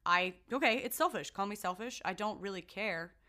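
A woman co-hosting a casual chat podcast, telling stories as animated, swearing rants. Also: medium pitch, moderate pace. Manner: animated ranting storyteller, swears freely. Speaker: podcast co-host.

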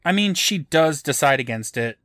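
A man co-hosting a podcast, recapping an episode in a dry, deadpan way with jokes. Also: a little high, normal speed, no echo. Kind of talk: casual recap chat.

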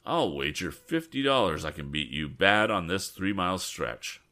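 A man voicing a boastful, taunting middle-aged male driver in a storybook reading, in a deep voice close to his own. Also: sing-song, normal speed, pushed and bright, full character voice.

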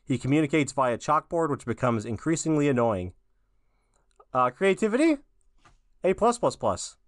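A man's voice: fairly high pitch, very animated, moderate pace, dry recording, clean studio sound. A man co-hosting a podcast, chatting easily and joking about a cartoon episode. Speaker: podcast co-host. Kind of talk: casual chat reviewing a cartoon episode.

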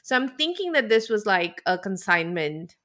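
A woman's voice: mid-range voice, sing-song, moderate pace, sharp tone. A woman co-hosting a podcast, chatting casually and with strong opinions about reality TV, laughing often. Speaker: podcast co-host.

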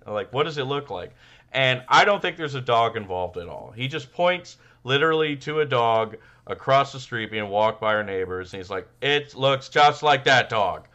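A man's voice: mid-range voice, normal speed, dull audio. A man co-hosting a casual comedy podcast, telling stories and acting out the quotes. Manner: animated storyteller, acts out quotes. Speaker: podcast co-host.

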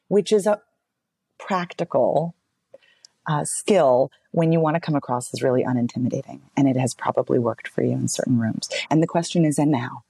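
A fairly low-voiced woman, a voice coach and author, talks easily in an interview. Her stories rise and dip in pitch with plenty of expression. The sound is close and dry. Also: normal speed, no room sound. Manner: animated storytelling, wide pitch swings, expressive. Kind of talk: casual interview conversation.

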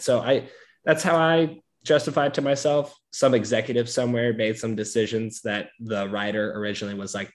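A man's voice: lowish voice, a little fast. A man co-hosting a casual movie podcast, wryly telling a story and acting out imagined dialogue. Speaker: podcast co-host.

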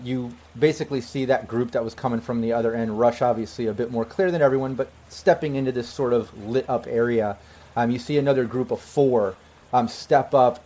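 A man narrating as game master of a tabletop game, relaxed, with many fillers. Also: mid-range voice.

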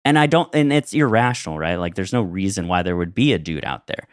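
A podcast co-host tells a rambling anecdote during casual chat, laughing along the way. He has a low voice with lively intonation and talks fairly quickly. The recording is dry and of studio quality.

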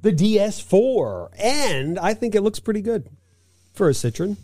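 A man's voice: sits high, big pitch swings, unhurried, warm tone, dry recording, studio quality. A man co-hosting a casual car-news podcast, reading out news items and making playful asides. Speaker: podcast co-host.

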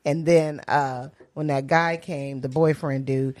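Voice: mid-range voice, steady tone, unhurried, a little mellow, no echo, studio quality. A speaker co-hosting a casual movie recap who rambles and hesitates over plot details and laughs often. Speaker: podcast co-host.

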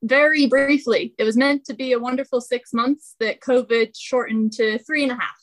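A woman's voice: on the high side, fairly even intonation, moderate pace, rough recording. A young woman from Scotland with a faint Scottish accent, a hiker talking as a podcast guest, cheerful and often laughing. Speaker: guest, long-distance hiker. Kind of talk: casual interview.

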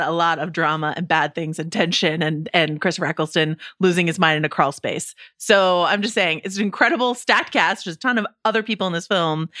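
A woman with a bright, forward tone talks about films with emphatic enthusiasm. The sound is dry and close to the mic. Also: lowish voice, no room sound. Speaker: podcast host. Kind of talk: casual chat.

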